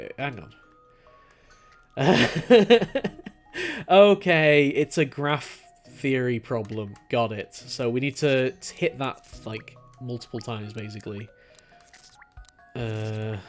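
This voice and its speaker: A man commentating a puzzle game, chatting, laughing often and thinking out loud as he plays. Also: medium pitch. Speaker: gameplay commentator. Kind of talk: let's play commentary.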